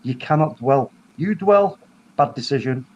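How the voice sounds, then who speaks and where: A man hosting a casual football chat over a video call, talking in animated, rambling bursts full of restarts. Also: mid-range voice, a little slow, muffled recording. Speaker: football podcast host.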